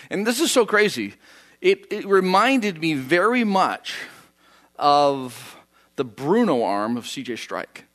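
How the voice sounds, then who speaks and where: A man preaching a conversational sermon, telling the story in a folksy way with chatty asides. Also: a little high. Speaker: pastor.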